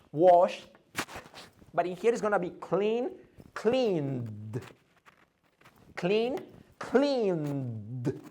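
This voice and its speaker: A man gives an English pronunciation lesson in a voice that sits high, drilling sounds through repetition and posing questions he then answers himself.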